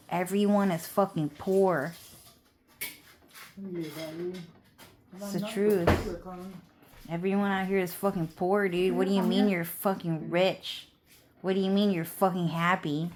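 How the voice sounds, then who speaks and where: Low-voiced woman ranting, "like" and "dude". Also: steady tone, measured pace, long pauses, darkish tone, a little hiss or hum. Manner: profane, fills speech with "like" and "dude". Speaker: vlogger. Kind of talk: casual rambling rant.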